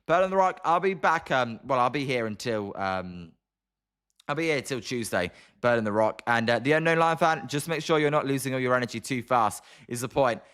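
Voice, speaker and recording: A young man with a British accent, hosting a live stream where he comments on a game and answers chat in a quick, chatty way. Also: mid-range voice, expressive, a bit bright, clean tone. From Britain. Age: young adult. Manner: fast-talking, chatty. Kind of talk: live watch-along commentary and chat replies.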